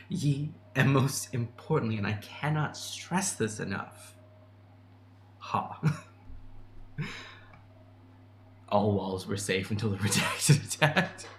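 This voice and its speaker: A man's voice: lowish voice, expressive, measured pace, slight background noise. A man hosting a casual livestream, reading and answering chat messages in a chatty way, laughing often and restarting his sentences. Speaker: channel host answering chat. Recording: echoey room with faint ambience.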